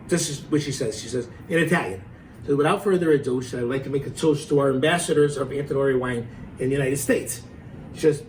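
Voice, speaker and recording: A middle-aged man telling a story in a casual, animated way, acting out the quotes and laughing as he goes. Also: on the high side, distant mic, slight background noise, poor audio.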